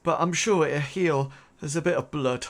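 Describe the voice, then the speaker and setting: A man's voice: fairly high pitch, moderate pace, pitched above the performer's own voice, lightly acted. A man voicing a timid, nervous young man who stammers and hesitates.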